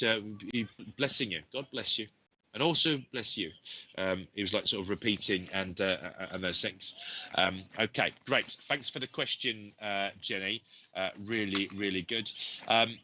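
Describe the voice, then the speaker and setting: Male medium host with a cold; rambling and gentle, sharp bright tone over dull stream audio. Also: lowish voice. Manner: rambling, gentle, many ums and uhs. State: has a cold. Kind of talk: live psychic reading show.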